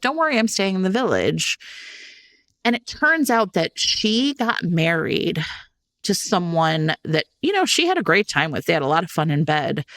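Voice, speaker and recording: A woman co-hosting a casual chat podcast, retelling a book in a lively way and acting out the characters' lines. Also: lowish voice, no echo, clean studio sound. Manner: lively storyteller who acts out characters' lines. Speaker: podcast co-host. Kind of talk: casual chat about books.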